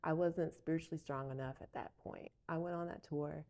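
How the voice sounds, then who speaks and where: Animated woman telling a story. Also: low voice, fairly quick. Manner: animated, acts out dialogue. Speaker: coffee shop owner, guest. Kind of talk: casual storytelling interview.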